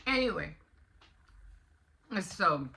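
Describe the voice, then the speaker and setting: An older American woman chatting casually to camera in a rambling, animated way that turns indignant. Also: on the low side, extremely slow, creaky. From United States. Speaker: vlogger. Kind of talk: casual morning chat to camera.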